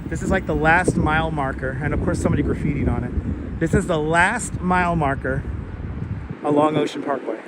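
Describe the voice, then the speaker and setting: High-voiced man streaming on a city walk. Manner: chatty, talks to passing animals and viewers. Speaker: live-stream host. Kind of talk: casual walking live stream. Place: outdoors on a city street at sunset. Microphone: wireless clip-on mic. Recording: outdoor street traffic noise.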